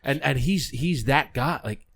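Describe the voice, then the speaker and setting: A man's voice: mid-range voice, unhurried, fairly bright tone. A man hosting a podcast in casual chat, talking loosely with swearing and retelling stories. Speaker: podcast host.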